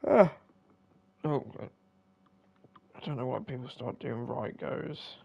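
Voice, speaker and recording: A man's voice: medium pitch, animated, takes it slowly, creaky, mellow, husky, lo-fi sound. A young man, tired and yawning, rambling casually with many fillers while he streams a game. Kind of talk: casual commentary while playing.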